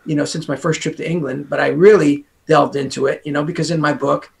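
Interviewed as a guest author, this American man rambles casually with plenty of asides. He talks fast in a slightly high, gravelly voice with a steady tone.

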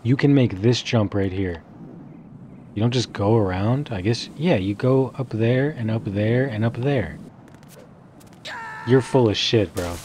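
A young man casually commentating his video game playthrough, swearing freely, laughing often and bursting into excited outbursts. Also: lowish voice, measured pace, long pauses, slight background noise. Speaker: gaming streamer. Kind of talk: casual let's play commentary.

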